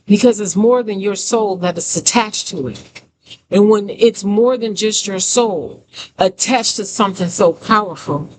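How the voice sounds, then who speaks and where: A woman giving a conversational testimony sermon as a prophetic teacher, emphatic, repeating phrases and talking straight to her listeners. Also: medium pitch. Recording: noisy background hiss.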